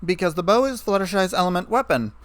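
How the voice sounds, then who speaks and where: A man's voice: high-pitched, expressive, fast talker, no room sound, voice pushed up. A man voicing a bubbly, chirpy party pony mare.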